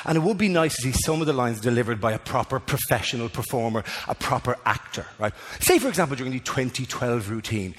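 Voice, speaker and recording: An Irish man doing a stand-up comedy routine in a theatre, animated and loud, breaking into mock voices and singing. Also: a little high, big-room sound. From Ireland. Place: large theatre before a live audience.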